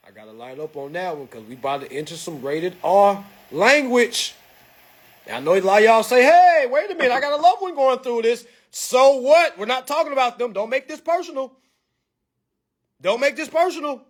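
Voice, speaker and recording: A man's voice: very high voice, expressive, fairly quick. A man holds forth in a profane monologue. He talks bluntly and provocatively, lecturing his listeners like a preacher. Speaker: vlog commentator. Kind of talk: ranting monologue.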